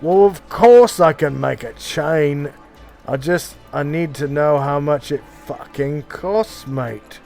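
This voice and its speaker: Gravelly-voiced game master. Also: male voice, a little high, takes it slowly, darkish tone, faint music behind. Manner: loose, profane, muttering to himself. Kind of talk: narrating a tabletop game stream.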